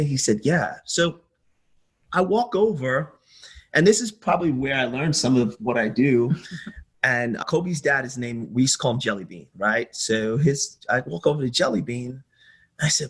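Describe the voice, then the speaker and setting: A middle-aged man, a guest in an interview, telling stories in an animated way and acting out the exchanges he quotes. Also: mid-range voice, measured pace, slightly rough. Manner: animated storyteller who acts out quoted exchanges. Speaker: guest, former basketball team staffer. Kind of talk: storytelling interview answer.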